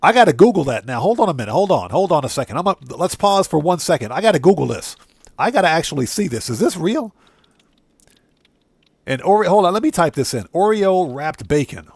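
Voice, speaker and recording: A man live-streaming a video game, chatting casually and excitably with his viewers from a home streaming setup. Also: on the high side, a little fast, breathy edge, dry recording. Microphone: streaming setup microphone.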